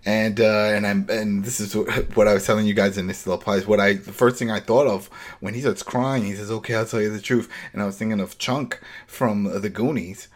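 A man's voice: lowish voice, a little fast, hardly any pauses. A man hosting a casual TV recap podcast, acting out the characters' lines in big voices. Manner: animated, acts out quotes in big voices. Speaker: podcast host.

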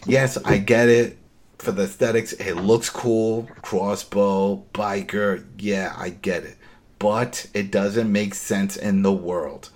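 A man hosting a podcast, recapping a TV episode in casual, animated chat with quick asides. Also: fairly low pitch. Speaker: podcast host.

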